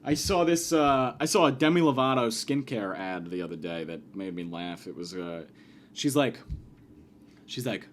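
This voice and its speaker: A man's voice: lowish voice, lively intonation, normal speed, a little hiss or hum. A man hosting a comedy podcast, telling stories in a profane, exasperated rant. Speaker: podcast host.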